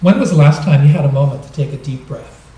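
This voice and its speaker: A man giving a dharma talk, explaining gently and joking now and then, recorded in a temple hall. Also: on the high side, quick pace, muffled recording, a little hiss or hum. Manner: gentle, explanatory, with light humor. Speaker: minister. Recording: echoey hall, mic at a distance.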